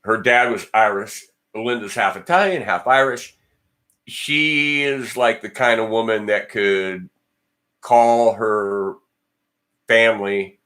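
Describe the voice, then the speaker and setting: A man's voice: on the low side, sharp tone. A man hosting a casual livestream, rambling and joking as he talks back to viewer comments. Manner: joking and blunt. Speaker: guitar channel host.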